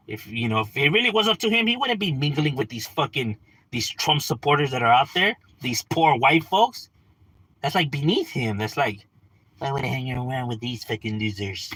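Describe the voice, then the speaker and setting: Profane, animated male streamer. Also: on the high side, husky, no echo, rough recording. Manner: blunt, profane, rhetorical questions. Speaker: livestream host. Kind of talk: casual ranting on a livestream.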